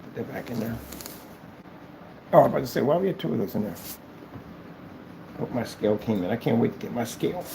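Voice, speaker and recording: A man's voice: mid-range voice, lively intonation, a little fast, vocal fry, pauses often, noisy background. A man who runs a small business, talking casually and rambling as he works on a livestream, thinking aloud and mocking his critics. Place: indoor business premises.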